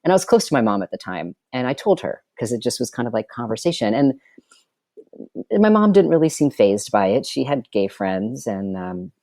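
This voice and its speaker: Wry, chatty middle-aged man, dark voice. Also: mid-range voice, very animated, normal speed, dry recording, studio quality. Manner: wry, chatty, heavy on filler words. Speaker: guest filmmaker. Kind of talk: candid personal storytelling.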